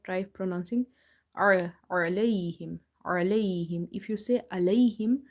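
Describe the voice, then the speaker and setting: A woman teaching Quran recitation in a live online lesson. She patiently explains each rule step by step and slowly demonstrates the pronunciation. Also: medium pitch, mellow. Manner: slow, drawn-out model recitation between explanations.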